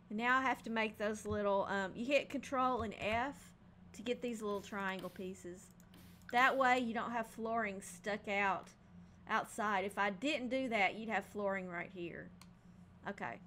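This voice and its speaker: A woman's voice: medium pitch, a bit bright, slight background noise. A woman casually narrating her home build in a game, thinking aloud with frequent ums and hesitations. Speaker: game building video creator.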